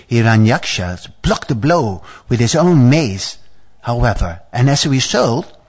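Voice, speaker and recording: A man reading a scripture story to a class in a voice of middling pitch, then slipping into casual asides full of stammered repeats and fillers. He teases his listeners playfully as he explains the passage. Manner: playful, teasing the audience.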